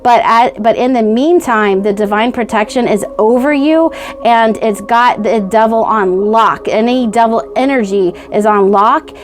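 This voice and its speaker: A woman giving a pick-a-card tarot reading, gushing and excitable, speaking straight to the viewer and checking in with "okay?" and "right?". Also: on the high side, a little slow. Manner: says "okay?" and "right?" often. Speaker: tarot reader.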